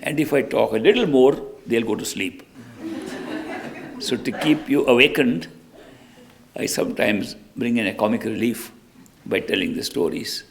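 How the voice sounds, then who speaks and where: Gravelly, easygoing male teacher, light comic storytelling. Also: medium pitch, moderate pace, pauses often, a little hiss or hum. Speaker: spiritual teacher. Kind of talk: telling jokes in a talk.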